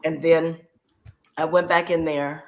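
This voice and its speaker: A woman's voice: deep voice, level tone, slow. A woman guest on a podcast, telling a personal caregiving story in a heartfelt way and repeating key phrases for emphasis.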